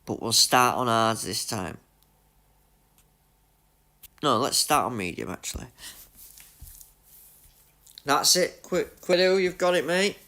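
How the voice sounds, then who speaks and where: A man with a Yorkshire accent giving chatty, excitable live commentary on his racing game while talking to his chat. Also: medium pitch, takes it slowly, long pauses. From Leeds, Yorkshire, England. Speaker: gaming streamer.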